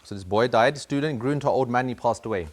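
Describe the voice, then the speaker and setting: A man's voice: medium pitch, fast talker. A man telling a moral story to children, acting out the voices of a strict teacher and a pupil. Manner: acts out voices of the teacher and boy. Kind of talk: animated storytelling.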